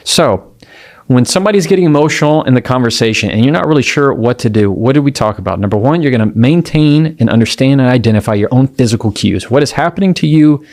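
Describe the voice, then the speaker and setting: A man giving a motivational talk on communication, speaking in a calm, measured way and repeating his key phrases. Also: medium pitch.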